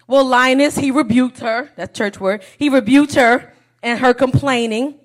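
High-voiced woman preaching a sermon. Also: measured pace. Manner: builds from soft and low to shouted, call-and-response preaching; rhetorical questions, repeats phrases.

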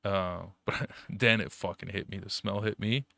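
A man's voice: deep voice, steady tone, normal speed, vocal fry, bright, forceful tone, no room sound. A young man telling rambling, profanity-filled stories in casual chat, full of fillers.

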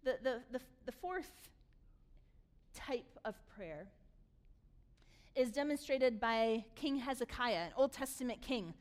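High-voiced woman pastor preaching. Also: takes it slowly, pauses often. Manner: animated storyteller, acts out voices in biblical scenes. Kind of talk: sermon.

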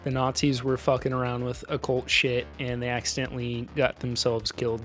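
A man's voice: mid-range voice, monotone, fairly quick, a bit bright, soft background music. Laid-back man in dry podcast chat. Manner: laid-back, dry, swearing, hesitant fillers. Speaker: podcast co-host. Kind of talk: casual movie review chat.

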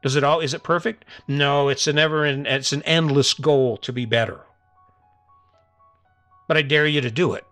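A man's voice: a little high, steady tone, moderate pace, pauses often, fairly bright tone, no room sound, soft background music. A middle-aged man hosting a podcast, giving an earnest, coaxing motivational talk that keeps repeating the same challenge to his listeners. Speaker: podcast host. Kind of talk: motivational monologue.

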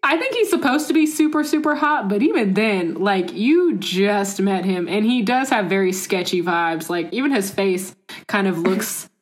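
A woman chatting casually as a podcast co-host, animated and quick to laugh. She slips into playful voices when quoting characters, and her voice sits in an ordinary middle range. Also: medium pitch. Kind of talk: casual chat.

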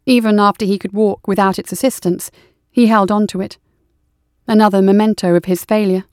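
Steady woman narrating a story. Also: mid-range voice, a little fast, no echo, studio quality. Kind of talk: audiobook narration.

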